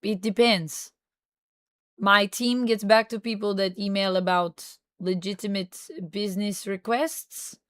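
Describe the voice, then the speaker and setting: A woman's voice: mid-range voice, steady tone, measured pace, dry recording. Woman streamer, casual livestream chat, reads chat aloud, playful mock French accent, dry close recording. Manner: reads viewer comments aloud and answers them.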